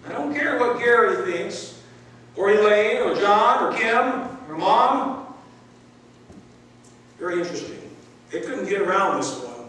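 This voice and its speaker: A male pastor preaching a sermon, stressing key words and repeating phrases with pauses. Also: high-pitched, animated, a bit bright, distant mic. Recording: echoey room, heard from afar.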